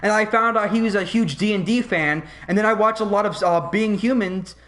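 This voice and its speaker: High-voiced man ranting on a podcast. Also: a little fast, a bit bright. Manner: heated, swearing, ranting and acting out scenes. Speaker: podcast host. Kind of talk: casual podcast rant.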